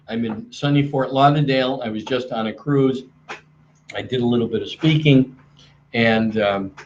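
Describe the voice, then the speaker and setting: A man's voice: lowish voice, muffled recording, slight background noise. A middle-aged man giving a sales training webinar from a hotel room, talking energetically and acting out customer dialogue. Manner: energetic, acts out quoted dialogue.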